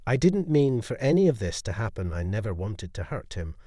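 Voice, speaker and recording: A man's voice: fairly low pitch, very animated, a little fast, warm tone, no echo, studio quality. A man voicing a guilt-stricken young woman flight attendant in a storybook narration, pleading and remorseful.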